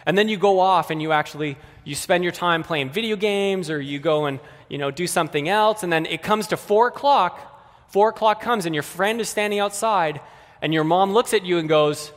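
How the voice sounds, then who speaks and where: A man's voice: sits high, normal speed, big-room sound. A man preaching a sermon in a conversational way, speaking directly to the kids and the adults in the congregation.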